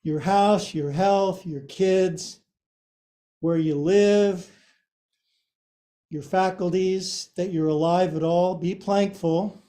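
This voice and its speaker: A man's voice: sits high, steady tone, slow, long pauses, warm tone. A man teaching a yoga class, giving cues in a playful, joking way with silly sound effects.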